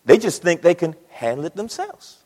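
A man preaches in a church, his husky voice pitched high and leaping all over the place. He drops to a near whisper, then climbs to a shout. The sound carries a long hall reverb. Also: big pitch swings, normal speed. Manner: dramatic, swings between hushed and shouting. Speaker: pastor. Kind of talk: sermon.

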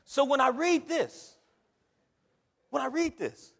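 A male pastor preaching with a high, bright voice that leaps up and down in pitch, dropping to quiet asides and rising to loud cries. The long reverb of a big hall trails after every phrase. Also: big pitch swings, takes it slowly, gravelly, long pauses. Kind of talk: sermon.

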